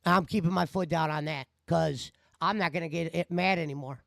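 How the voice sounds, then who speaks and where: A man's voice: a little high, moderate pace, gravelly, fairly bright tone, dry recording. A man talking on his livestream, venting about getting angry at a commenter. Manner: aggrieved, venting. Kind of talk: casual livestream talk.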